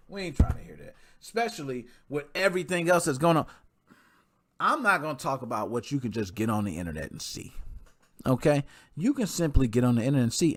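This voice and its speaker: Animated slangy podcast host guy. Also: mid-range voice. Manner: animated, slangy and joking, talks to listeners directly. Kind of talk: casual gaming podcast talk.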